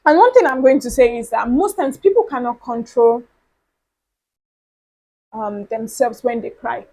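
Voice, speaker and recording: A woman with a fairly high voice talks on her own podcast in a casual, chatty way. She speaks earnestly and comes back to her points again and again to stress them. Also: unhurried, mellow, poor audio. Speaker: podcast host. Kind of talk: casual solo podcast talk.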